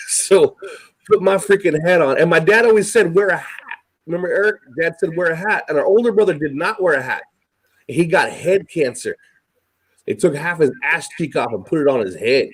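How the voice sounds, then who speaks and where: A man's voice: a little high, animated, moderate pace, husky, low-quality recording. A man hosting a casual talk show, reading scripture aloud with stumbles and swearing sarcastically. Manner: profane, sarcastic, stumbling rereads. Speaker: podcast host.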